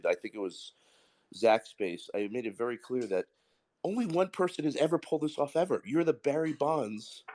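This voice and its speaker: A man's voice: medium pitch, darkish tone. A man, calling in to a live audio Q&A and speaking bluntly and at length. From the Bronx, New York. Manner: blunt, rambling and emphatic. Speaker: caller asking a question.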